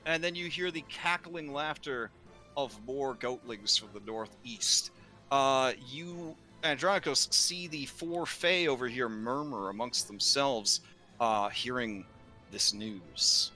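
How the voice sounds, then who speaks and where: A man running a tabletop game, narrating at an unhurried, drawn-out pace. His voice is bright and clear, and he pauses often with hesitant fillers. Faint music plays underneath. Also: medium pitch. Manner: slow, rambling, with many fillers and laughs. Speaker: game master.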